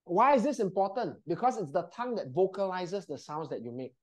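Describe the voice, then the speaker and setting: A woman's voice: lowish voice, animated, a little fast, darkish tone. A woman leading a live presentation workshop, giving upbeat instructions and often checking in with the group. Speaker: voice and presentation trainer. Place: training room with a group.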